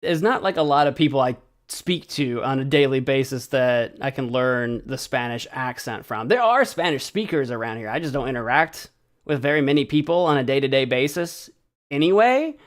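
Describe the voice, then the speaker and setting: A man's voice: mid-range voice, expressive, moderate pace. A young man from the American Midwest chatting casually on a live stream, self-deprecating and stumbling over Spanish words as he practices. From central Illinois, US.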